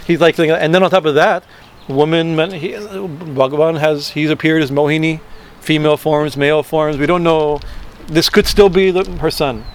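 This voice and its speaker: Male scripture teacher, slightly high voice, hesitant, lots of fillers and tag questions, lecture style. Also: fairly even intonation, moderate pace, slight background noise.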